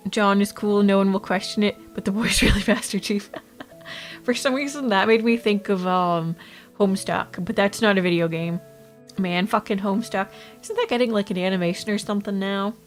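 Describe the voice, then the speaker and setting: A young woman from Canada talks casually to her stream chat at a middle pitch. She is blunt, swears freely and laughs often while she tells a story. Soft music plays faintly underneath. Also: normal speed. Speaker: VTuber streamer.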